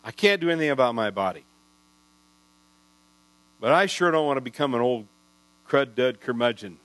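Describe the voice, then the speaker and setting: A man's voice: mid-range voice, animated, normal speed, a bit bright, no room sound, poor audio. A man in his sixties preaching a sermon, folksy and rambling, often restarting his sentences. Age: 60s. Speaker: pastor. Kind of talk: sermon storytelling. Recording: dry with mains hum.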